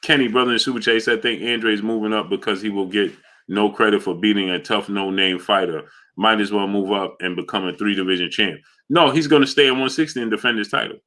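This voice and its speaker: A man from New York runs a casual boxing livestream, greeting viewers by name and answering super chats. His voice sits low yet comes across bright and forceful. He breaks into loud hype bursts between relaxed takes. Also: fast talker.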